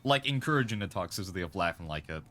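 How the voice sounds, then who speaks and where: A man's voice: low-pitched, animated, bright, forceful tone, slight background noise. A man chatting with friends, swearing often and drawing out his complaints. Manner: swears a lot, drawn-out complaints. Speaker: friend on a game stream. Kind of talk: casual chat.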